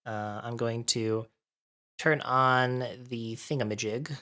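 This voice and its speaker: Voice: medium pitch, fairly even intonation, slow pace, pushed and bright, clear, resonant tone. A livestreamer chatting casually with viewers while setting up, a bit out of breath from allergies and thinking aloud.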